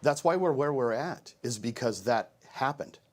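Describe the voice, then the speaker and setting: A man's voice: medium pitch, expressive, moderate pace. A man, a sheriff candidate, answering in a debate with pointed, emphatic statements.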